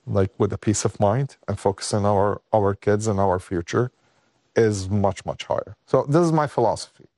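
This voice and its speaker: A man with a low voice tells a personal story, stumbling over restarts and lifting his voice when he is moved. He is not an English speaker. The sound is dry and close, with no room in it. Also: darkish tone, no echo. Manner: halting, many restarts, voice lifts when moved. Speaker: guest.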